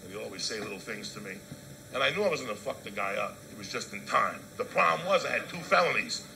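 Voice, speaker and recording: A middle-aged man telling a stand-up story, profane, swinging from loud outbursts to low asides. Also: lively intonation, fast, creaky, slight background noise, poor audio. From New Jersey. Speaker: comedian.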